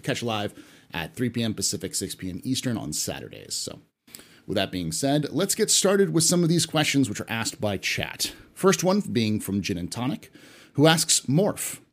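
A man hosting a casual panel talk show, reading viewer questions aloud in an upbeat way. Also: medium pitch. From United States. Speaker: podcast host.

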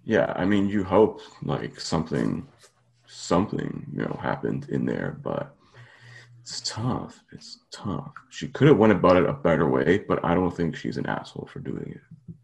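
Low gravelly man, blunt and casual. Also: very animated, moderate pace, darkish tone. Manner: blunt, swears freely, hedges with "like". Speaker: podcast co-host. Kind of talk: casual chat.

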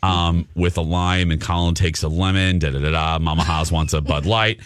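A man's voice: low voice, normal speed, clean tone, dry recording. A middle-aged man hosting a radio show, telling campy, sassy stories in a casual chat. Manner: animated storyteller, campy and sassy. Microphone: studio mic.

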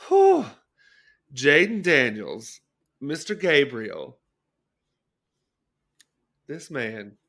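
A man co-hosting a casual chat podcast, expressive, exclaiming and laughing often. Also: on the high side, normal speed. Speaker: podcast co-host.

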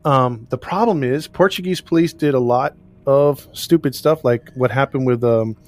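A man's voice: medium pitch, moderate pace, darkish tone, dry recording. A man co-hosting a casual chat, recounting a case in a rambling way with restarts and laughs. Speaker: podcast co-host recounting a case.

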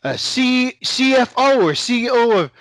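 A man jumps into the chat with mocking jokes. His high voice moves around a lot in pitch. The recording is dry and close. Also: sing-song, moderate pace, fairly bright tone, no room sound, poor audio. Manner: chiming in, mocking, laughing. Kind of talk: casual chat.

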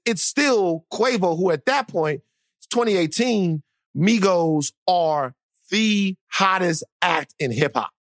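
A man co-hosting a podcast in casual chat, a teasing, animated storyteller who acts out what others said. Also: high-pitched, no echo, studio quality. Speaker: podcast co-host.

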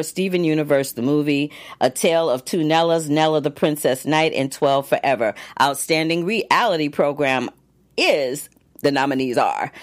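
A woman actress hosting casual entertainment news, chatty with many fillers and restarts as she reads long lists of nominees. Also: deep voice.

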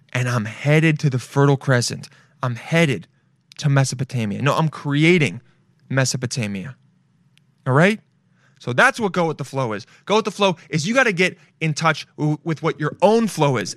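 A man's voice: on the high side, fairly bright tone, dry recording, clean studio sound. Rambling, profane male podcaster. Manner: rambling, profane, loose, calls listeners dude and bro. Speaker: podcast host. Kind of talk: rambling solo podcast monologue.

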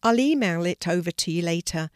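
Bossy little girl in a storybook, older lady reading, a bit lower voice, no room echo. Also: expressive, fairly quick, studio quality, close to an everyday voice. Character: cheerful, organised young schoolgirl.

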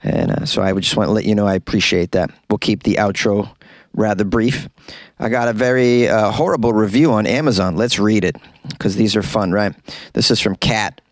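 A man's voice: on the low side, moderate pace, dry recording. A man hosting a comedic news podcast, reading items aloud and riffing sarcastically, recorded close in a small closet. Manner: reads news aloud, then riffs sarcastically.

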